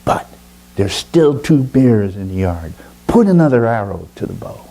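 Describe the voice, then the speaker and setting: A man's voice: fairly low pitch, big pitch swings, unhurried, creaky, warm tone, heavily acted, rough recording. A man voicing a bitter, resentful old grandmother who scolds and barks orders. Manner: harsh, scolding, bossy commands.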